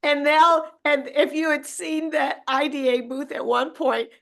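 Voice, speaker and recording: A woman's voice: high voice, flat delivery, unhurried, vocal fry, fairly bright tone. A woman speaking as a guest in a casual interview, reflective and earnest.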